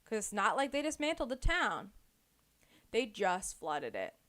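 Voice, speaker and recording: A woman's voice: medium pitch, big pitch swings, a little slow, a bit bright. A woman hosting a casual book club podcast, retelling a story with lots of "like" and "um". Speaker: podcast host.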